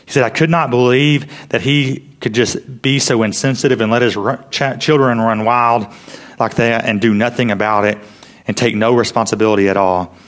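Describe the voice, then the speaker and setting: A man preaching a sermon in an earnest storytelling way, often dropping to a hush for emphasis. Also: medium pitch, fairly even intonation, normal speed. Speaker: pastor.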